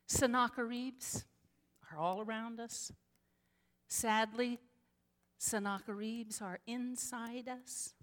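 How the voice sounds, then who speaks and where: A woman pastor preaching a sermon, telling a story slowly and earnestly with dramatic pauses. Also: on the high side. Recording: long hall reverb.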